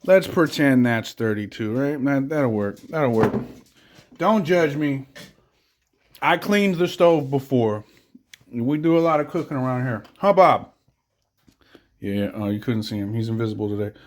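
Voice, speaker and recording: A man's voice: mid-range voice, expressive, measured pace, pauses often. A man chatting casually while cooking at home, rambling and swearing, with joking asides to the camera. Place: home kitchen.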